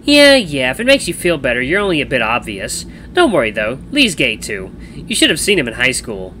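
A man voicing a teasing, energetic young woman, the playful sister, reading a visual novel aloud. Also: mid-range voice, a little fast, slight background noise. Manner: bouncy, teasing, loud.

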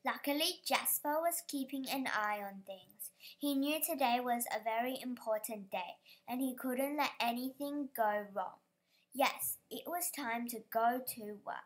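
A woman's voice: on the high side, a little slow. A woman reading a children's picture book aloud, careful and stumbling over some words. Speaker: storybook reader.

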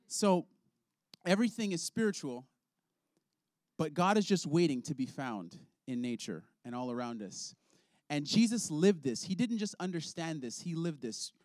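A man leading a prayer and teaching children's ministry workers, telling stories in an earnest, animated way. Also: a little high, dry recording, clean studio sound. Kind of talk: prayer and teaching talk with storytelling.

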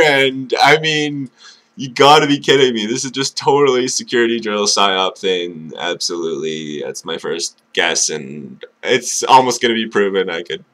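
A man talking casually to camera, alone indoors, swearing often and trying to speak up from a quiet mumble. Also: fairly low pitch, moderate pace. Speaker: vlogger.

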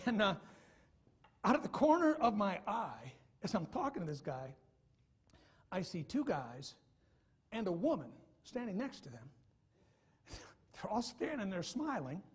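A man from Michigan preaching in church, telling a story with quiet asides and loud bursts. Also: high voice, sing-song, unhurried, long pauses, slightly rough. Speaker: evangelist preacher. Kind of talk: sermon storytelling.

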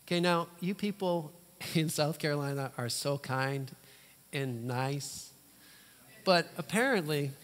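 Male guest preacher, fairly high voice, lively rhetorical sermon, long church reverb. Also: a little slow, slight background noise. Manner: animated, rhetorical questions, playful asides. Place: church sanctuary.

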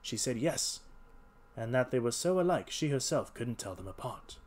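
A man's voice: mid-range voice, animated, normal speed, close to an everyday voice. A man voicing a frightened young hotel thief who begs and pleads in a trembling voice. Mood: confessing. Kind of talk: read-aloud character voice.

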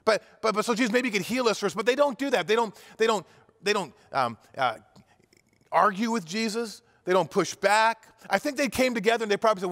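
A man's voice: high-pitched, lively intonation, brisk, a bit bright, long reverb tail. A pastor telling a sermon story vividly, acting out the characters' cries and often restarting his words. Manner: vivid retelling with acted-out cries and frequent restarts. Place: church.

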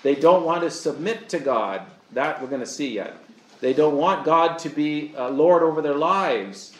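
A man delivers a sermon with earnest conviction. His voice sits a little high for a man, and it carries through a room with noticeable echo. He often stops to put questions to his listeners. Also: unhurried. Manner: earnest, asks the audience rhetorical questions. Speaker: pastor.

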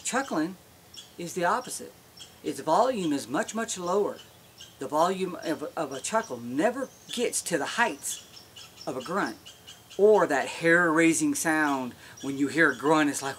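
A man's voice: a little high, a bit bright, slight background noise. A man teaching how to make elk calls, explaining in a folksy, step-by-step way. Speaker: elk calling instructor. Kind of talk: instructional demonstration.

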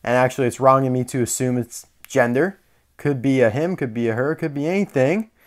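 A young man casually reviewing a collectible toy car, chatty and rambling, enthusiastic about small details. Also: mid-range voice.

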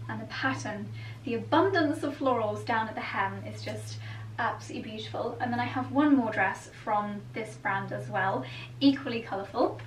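A woman vlogger gushes through a clothing try-on, chatty and effusive, her voice sitting a touch high. She is picked up from across an echoey room, with a faint hiss underneath. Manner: gushing, effusive praise; chatty and lightly laughing. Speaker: fashion vlogger. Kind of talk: try-on haul chat. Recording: roomy echo, distant mic, faint hiss.

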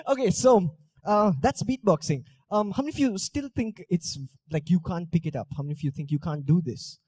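A man's voice: high voice, huge pitch swings, a little slow, a little mellow, husky, dry recording. A young man, talking on stage and playfully teasing and coaching his audience. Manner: playful, teasing, coaxing the crowd. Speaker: speaker on stage. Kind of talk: live talk with audience drills. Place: auditorium stage.

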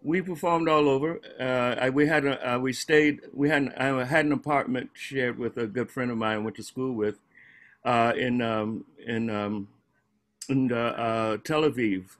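Older man telling animated stories. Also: mid-range voice, moderate pace. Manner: animated storyteller, repeats words, many fillers. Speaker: former film cast member. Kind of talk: casual reminiscing on a video call.

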